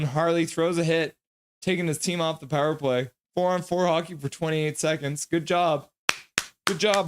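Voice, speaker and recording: A man hosting a live hockey reaction stream in a casual, joking way, reading viewer messages aloud and laughing along with them. His voice sits on the higher side and comes through smooth and clear. He slips easily into quick play-by-play when the action picks up. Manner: reads chat aloud, jokes and laughs often; bursts into excited goal calls.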